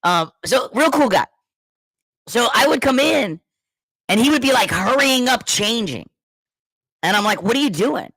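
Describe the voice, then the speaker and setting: A middle-aged man spins an animated story in casual chat, his pitch leaping all over. His voice has a gravelly edge, and the dry, close sound leaves no room echo. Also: measured pace, long pauses. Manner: animated storyteller, laughs often, swears freely. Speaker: podcast co-host.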